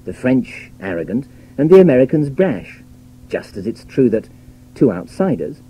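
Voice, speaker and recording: British male essayist for a radio talk, measured and wry, very mellow tone, faint hum on an old recording. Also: medium pitch, sing-song, rough recording. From Britain. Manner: measured, wry, lecturing delivery. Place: radio studio.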